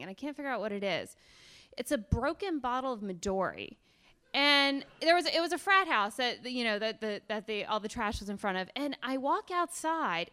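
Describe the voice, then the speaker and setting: A woman's voice: fairly high pitch, a bit bright, clear, resonant tone. A young woman telling a personal story live to an audience in a chatty, rambling way, with lots of ums and self-deprecating humor. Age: young adult. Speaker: storyteller and salesperson.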